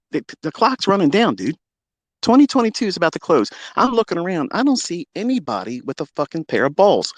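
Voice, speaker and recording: A man hosting a live audio stream, delivering a heated, profane and boastful rant that swings between loud outbursts and low muttering. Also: no echo. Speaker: trading educator and Twitter Space host.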